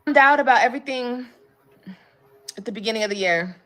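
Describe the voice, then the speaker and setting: A woman's voice: a little high, brisk, a bit bright. A woman talking casually on a livestream, blunt and heavy on swearing as she vents to her viewers. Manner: blunt and profane, emphatic venting.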